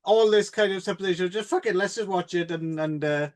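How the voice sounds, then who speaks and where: A man's voice: high voice, fairly quick, a little mellow. A man co-hosting a casual film podcast, rambling and hesitant, with lots of fillers. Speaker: podcast co-host.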